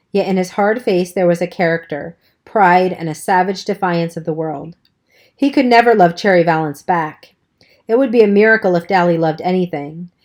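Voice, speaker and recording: Low-voiced woman reading a novel aloud. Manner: steady storytelling. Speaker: audiobook reader. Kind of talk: scripted narration.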